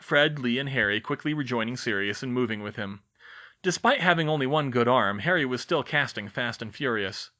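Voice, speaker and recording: Lively male audiobook reader. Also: medium pitch, brisk. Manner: lively, expressive reading. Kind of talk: fan fiction audiobook narration.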